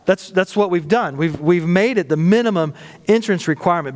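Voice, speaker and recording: A man's voice: high voice, a little fast. A middle-aged man preaching a sermon as pastor, conversational and humorous, acting out little quoted exchanges. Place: church sanctuary. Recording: reverberant hall sound.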